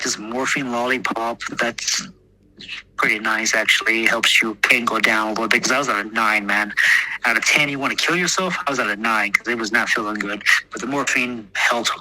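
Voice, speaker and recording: A man with an American accent tells a long story in a loose, rambling way, with plenty of swearing and "like" fillers. His voice has a very sharp, tense edge, and he keeps laughing at his own jokes. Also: mid-range voice, rough recording. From Texas, United States. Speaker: guest. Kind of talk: casual storytelling.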